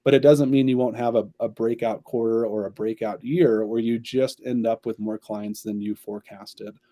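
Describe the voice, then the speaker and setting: Upbeat guy talking shop on a podcast, kinda low voice, dry sound. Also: fairly even intonation, normal speed, dark tone, no room sound. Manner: upbeat, explains at length. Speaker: agency CEO, podcast guest. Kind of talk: conversational interview answers.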